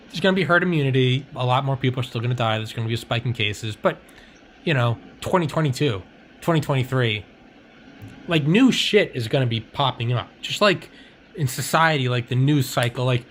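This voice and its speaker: A man at an ordinary mid pitch, rambling through a loose casual chat. He swears freely and fills his talk with "like" and "you know." A faint hiss of noise sits under the voice. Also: normal speed, fairly bright tone.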